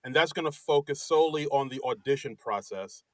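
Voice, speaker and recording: A man from New Jersey co-hosting a casual comedy podcast, chatty and laughing often, halting on his words. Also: mid-range voice, a bit bright, dry recording. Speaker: podcast co-host.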